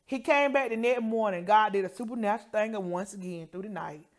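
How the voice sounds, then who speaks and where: A woman's voice: mid-range voice, fairly quick. A woman telling an emotional healing testimony as co-host, acting out the people she quotes. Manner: emotional storytelling, quotes others in lively voices.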